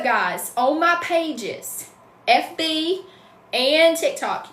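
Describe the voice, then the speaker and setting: A woman's voice: high voice, sharp tone, reverberant, slight background noise. Chatty Southern woman livestream host. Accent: Southern American. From Southern US, North Carolina. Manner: chatty, greets viewers by name, says y'all. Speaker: wreath-making livestream host. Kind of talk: casual livestream chat.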